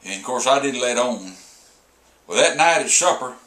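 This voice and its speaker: A man in his seventies with a Southern American accent, telling a homespun humorous story in a slow, drawling way with many pauses. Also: medium pitch, lively intonation, fairly bright tone, reverberant. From Southern United States. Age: 70s.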